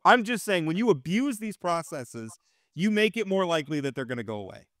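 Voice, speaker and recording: A man's voice: on the high side, big pitch swings, fairly quick, fairly bright tone, dry recording, studio quality. A man hosting a casual political discussion, earnest and emphatic, repeating phrases for stress. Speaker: host.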